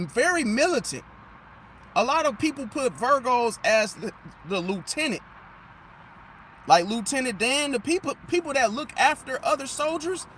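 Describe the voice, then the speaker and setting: A man giving an animated, emphatic astrology monologue and losing his voice. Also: very high-pitched, slight background noise. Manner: animated, emphatic, repeats "see?"; drops into mocking impressions of others. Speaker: astrology commentator. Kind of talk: casual monologue.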